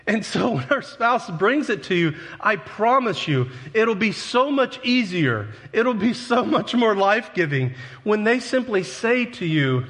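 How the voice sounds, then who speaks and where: A man's voice: high-pitched, sing-song, measured pace, few pauses, a bit bright. A man preaching as a pastor, earnest and conversational, with self-deprecating asides to his congregation. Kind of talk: sermon. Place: church sanctuary. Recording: long hall reverb.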